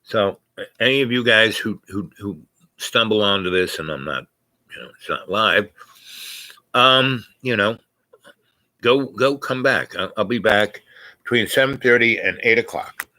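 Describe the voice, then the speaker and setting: A man with a fairly low, bright and forceful voice speaks at a measured pace, often pausing. As a vlogger talking casually to viewers, he wanders through a story with many fillers, restarts, and small laughs mid-sentence.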